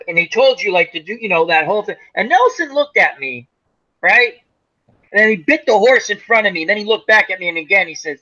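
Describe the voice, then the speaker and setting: A man's voice: high-pitched, expressive, fast, sharp tone, muffled recording. A man telling a long, funny story in a casual chat, acting out quotes and swearing freely. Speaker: podcast co-host telling a story.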